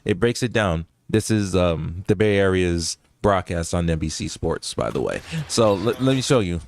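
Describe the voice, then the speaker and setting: A man's voice: deep voice, lively intonation, moderate pace, creaky. A man giving casual, slangy reaction commentary over basketball footage, laughing often and talking straight to his viewers. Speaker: YouTube sports commentator.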